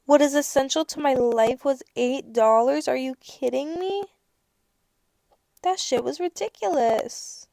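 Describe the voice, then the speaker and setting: A woman's voice: sits high, measured pace, gravelly, dark tone, dry recording. A young adult woman hosting a podcast, telling a story in a casual chat with sarcastic rants and acted-out bits of dialogue. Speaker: podcast host.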